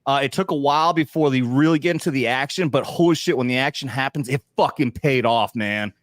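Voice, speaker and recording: A man's voice: mid-range voice, fairly quick, no room sound. A man in his thirties, an army veteran hosting a casual chat show, talking crudely and joking with frequent laughter. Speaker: podcast host, veteran.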